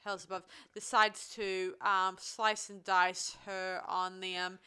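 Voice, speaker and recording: A woman's voice: mid-range voice, little pitch movement, takes it slowly, pushed and bright, clear, resonant tone. A woman hosting a film review podcast, recapping the plot casually with fillers. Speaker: podcast host.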